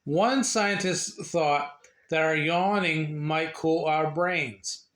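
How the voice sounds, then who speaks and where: A man reading a children's book aloud in a casual way, slow and halting, with slips, restarts and little asides. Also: on the high side, fairly bright tone. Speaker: reader sharing a book. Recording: echoey room.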